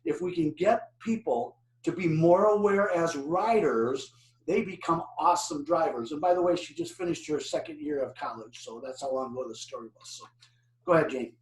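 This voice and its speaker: A man's voice: a little high, moderate pace. Older man telling stories in an echoey room. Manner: animated storytelling with questions to the audience. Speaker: driver safety presenter. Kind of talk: presentation to an online audience. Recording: echoey room, distant mic.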